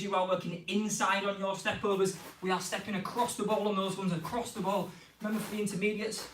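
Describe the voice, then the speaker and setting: A man coaching a live online football skills class. He is out of breath, counts reps out loud and cheers the players on. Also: sits high, roomy sound, recorded from a distance, slight background noise, low-quality recording. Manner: energetic, counts reps aloud and cheers students on.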